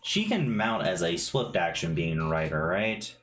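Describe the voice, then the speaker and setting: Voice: sits low, very animated, moderate pace, fairly bright tone. A game master narrating a tabletop game in a casual way, swearing freely and checking rules aloud.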